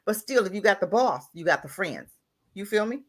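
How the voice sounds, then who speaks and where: A woman's voice: medium pitch, expressive, brisk. A mother and guest on a talk radio show, talking bluntly and firing off rhetorical questions in casual chat. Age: adult, mother.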